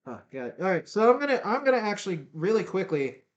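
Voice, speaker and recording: Talking fast in a high voice that swings widely in pitch, a congested man rambles while cooking live. He pokes fun at himself and responds to his viewers, and the recording has its highs cut off.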